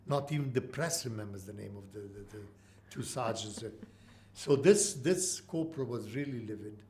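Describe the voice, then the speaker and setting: A man in his eighties from Mandatory Palestine, telling an oral history in halting speech with many pauses. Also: lowish voice, warm tone, a little hiss or hum. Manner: halting, with frequent uh pauses and restarts. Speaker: interviewee.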